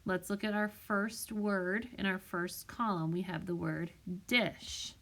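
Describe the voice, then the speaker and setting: A woman's voice: mid-range voice, fairly even intonation, fairly bright tone. A woman teacher giving a recorded spelling lesson to young children, patiently sounding out each word. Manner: slow, patient, sounds words out carefully. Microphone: tablet microphone.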